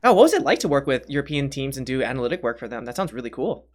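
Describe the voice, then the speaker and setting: A woman's voice: very deep voice, very animated, rapid-fire, a little mellow. A woman hosting a gaming podcast, teasing her guest playfully and laughing often in casual chat. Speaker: podcast host.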